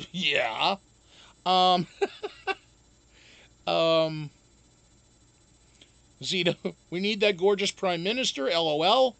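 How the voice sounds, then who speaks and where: Raspy-toned man, high and gravelly. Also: very slow, long pauses, fairly bright tone, no echo. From United States. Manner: profane, rambling, laughs often. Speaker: show host. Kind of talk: casual live-stream chat.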